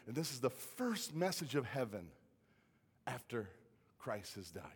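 A male pastor preaching a sermon, swinging from hushed, quiet lines to shouted peaks. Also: mid-range voice. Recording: hall reverb.

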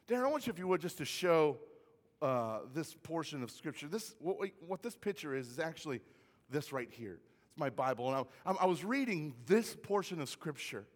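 A male pastor preaching a sermon, swinging from hushed, quiet lines to shouted peaks. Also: on the high side. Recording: hall reverb.

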